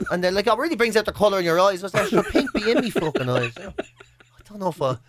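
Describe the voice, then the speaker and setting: A man's voice: sits high, lively intonation, fast, crowd noise. An Irish man chatting as a guest, telling rambling, self-deprecating stories and swearing freely. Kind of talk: casual chat.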